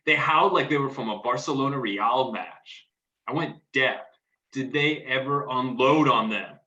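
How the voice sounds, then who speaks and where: A man playing a rough, swearing young football fan in a staged play reading, telling of street fights. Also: medium pitch, normal speed, highs cut off, lightly acted. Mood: boastful. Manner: rough, profane, excited storytelling. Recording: roomy echo.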